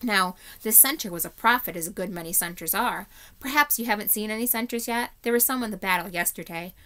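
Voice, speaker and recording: A woman voicing an earnest young boy prince who talks quickly and eagerly, while reading a story aloud to children. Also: mid-range voice, a bit bright, close to an everyday voice.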